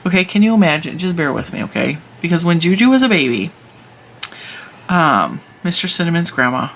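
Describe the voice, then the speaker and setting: Fairly quick and lowish, her voice swings widely in pitch as she knits and reviews yarn for her knitting and crochet channel. She's chatty and rambling, prone to tangents and laughing at herself. Poor audio carries slight background noise.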